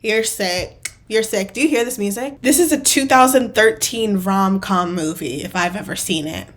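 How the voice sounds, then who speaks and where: A woman's voice: medium pitch, moderate pace. A woman hosting a casual movie reaction, chatty and full of fillers, laughing often. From not British.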